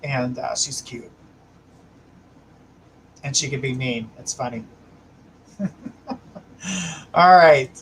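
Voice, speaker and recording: A man's voice: medium pitch, takes it slowly, pauses often, background noise. A man hosting a live psychic reading stream, chatting casually, laughing often and reading viewer comments aloud. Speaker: psychic livestream host.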